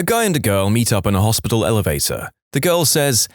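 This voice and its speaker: Man reading jokes with wildly swinging pitch. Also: sing-song, brisk, few pauses, no echo, clean studio sound. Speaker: podcast host.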